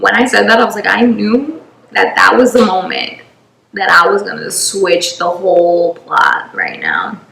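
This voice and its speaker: A young woman telling a story in a casual, animated way, swearing freely and acting out the people in it. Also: mid-range voice, a little slow, vocal fry, echoey room, rough recording. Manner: animated, profane, acts out every voice in the story. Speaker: storyteller host.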